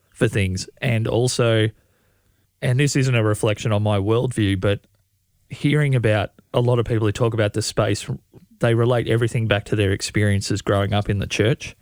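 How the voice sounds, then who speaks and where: A lowish-voiced man hosts his podcast in a relaxed, rambling manner, still in his morning voice. The sound is dry and close, with no room around it. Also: no echo. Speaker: podcast host. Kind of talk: casual interview intro.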